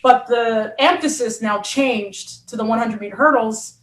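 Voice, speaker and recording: A woman, a former hurdler and coach, telling a story in an animated conversational way and acting out what people said. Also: fairly high pitch, a little slow, echoey room, background noise. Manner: animated, acts out quotes.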